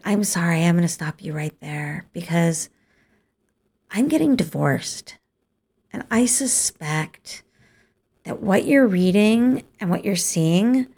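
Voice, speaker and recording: A middle-aged woman candidly telling a personal story, slowly acting out the dialogue. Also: on the low side. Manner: slow, gravelly, candid, with quoted dialogue.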